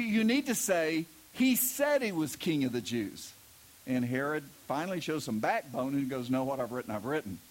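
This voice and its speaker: A middle-aged man preaching a sermon as pastor, telling stories and stressing key words with emphasis. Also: on the high side. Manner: storytelling with emphatic preaching, voices quoted characters.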